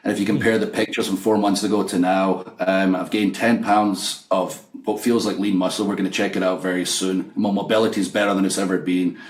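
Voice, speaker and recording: A man in his forties from Scotland with a Scottish accent tinged by an American twang, a guest talking boastfully and with animated storytelling over a video call. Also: sits low, a little fast, few pauses, roomy sound. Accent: Scottish with slight American twang. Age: 40s. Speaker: guest wrestler. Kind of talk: remote interview.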